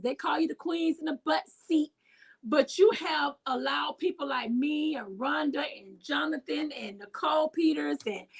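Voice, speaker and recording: Bubbly high-voiced woman host, gravelly edge. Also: rough recording. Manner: bubbly, effusive, calls listeners y'all. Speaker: talk show host. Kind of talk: enthusiastic video-call interview.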